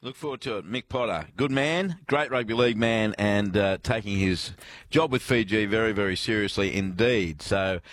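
A man's voice: fairly low pitch, normal speed, fairly bright tone. An Australian man hosting sports radio, bantering with his co-hosts and reading listener texts aloud.

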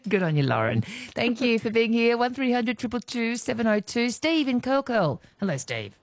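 A woman's voice: a little high, big pitch swings, moderate pace, no echo, studio quality. A woman hosting a talkback radio quiz, chatty and playful, laughing easily with callers. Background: music bed.

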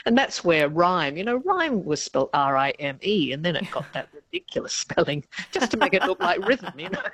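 A woman's voice: fairly low pitch, huge pitch swings, normal speed, fairly bright tone, husky, dry recording. A woman professor of linguistics answering radio interview questions in a chatty, explanatory way, laughing often mid-sentence.

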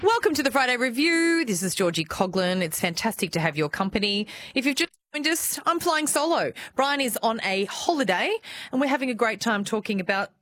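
A woman's voice: a little high, lively intonation, a little fast, fairly bright tone, dry recording, clean studio sound. An Australian woman, middle-aged, hosting an afternoon radio show in a bubbly, enthusiastic, chatty way. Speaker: radio host. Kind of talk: lively radio presenting.

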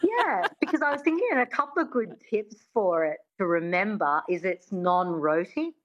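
A woman's voice: mid-range voice, very animated, normal speed. A woman, a dialect coach who patiently demonstrates sounds and has the listener repeat them in an interview. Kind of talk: interview guest teaching an accent. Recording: dull, muffled sound.

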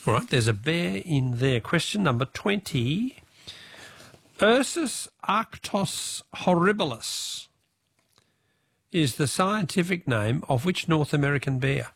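A brisk, friendly Australian man hosts a radio quiz, his voice pitched a touch high. He sounds close and dry on a studio mic, with no room around him. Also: big pitch swings, vocal fry, a bit bright, husky, no echo. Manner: brisk, friendly, counts questions aloud.

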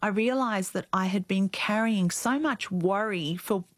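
A woman's voice: medium pitch, a little slow, no echo. A woman in her forties, a guest, telling a very personal story in an earnest, reflective way. Her voice rises when she quotes her own thoughts.

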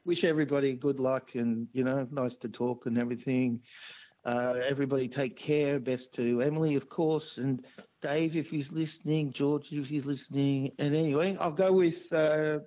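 A man's voice: medium pitch, fairly even intonation, normal speed. A man calling in to a radio quiz, thinking aloud as he rambles toward an answer. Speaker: caller. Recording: dull phone-in line.

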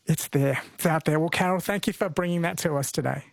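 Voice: medium pitch, fast talker, vocal fry, no echo. A radio host chatting with a caller, conversational and thinking aloud as they go. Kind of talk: radio talk show interview.

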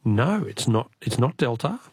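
A man with an Australian accent hosting a talkback radio quiz, chatty and quick to laugh with callers. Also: mid-range voice, big pitch swings, breathy edge, no echo. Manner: chatty, laughs often, friendly banter with callers.

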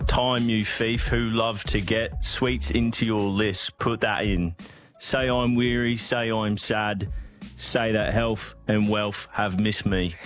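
A man's voice: lowish voice, steady tone, slow pace, fairly bright tone, soft background music. A man putting on a Cockney accent, reciting a poem as a theatrical working-class poet. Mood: hammy recital. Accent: put-on Cockney.

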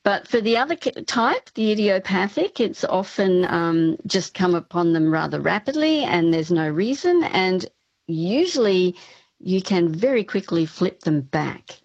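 A woman's voice: fairly low pitch, big pitch swings, a little slow, a little mellow, no room sound, muffled recording. A woman speech pathology professor explaining her work as a radio interview guest, with frequent ums and restarts.

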